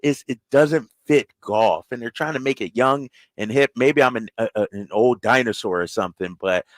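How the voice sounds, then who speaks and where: Brief: relaxed male co-host, earnest, dry close studio sound. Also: medium pitch, moderate pace, dry recording. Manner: earnest, relaxed, says "man" a lot. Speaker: radio sports co-host. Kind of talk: casual sports talk chat. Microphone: studio microphone.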